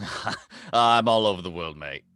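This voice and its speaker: A man's voice: sits low, moderate pace, a bit bright, dry recording, studio quality. A man putting on a cheery globetrotting male travel guide, calling everyone mate. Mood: chummy. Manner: chummy, calls everyone mate.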